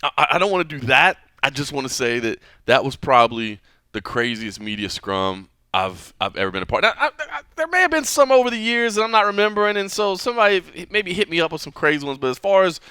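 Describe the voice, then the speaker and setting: Podcast host guy, bright crisp voice, dry close mic, laid back. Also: fairly high pitch, sing-song, fast, no room sound. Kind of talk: casual chat.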